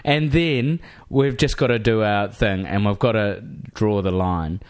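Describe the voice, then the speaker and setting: Man, new zealand accent, comedian guest, casual storytelling, animated. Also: on the low side, unhurried. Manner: animated, acts out quoted people.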